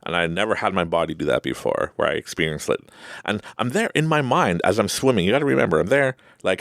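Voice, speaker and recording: A man's voice: low voice, lively intonation, quick pace, vocal fry, fairly bright tone, dry recording, clean studio sound. A man hosting a podcast, telling a personal story casually and with animation, acting out his own reactions and laughing often. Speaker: podcast host.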